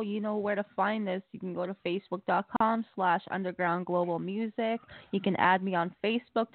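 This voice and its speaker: A woman's voice: medium pitch, no echo. Upbeat woman host on a phone line. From Saskatchewan, Canada. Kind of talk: casual radio show hosting.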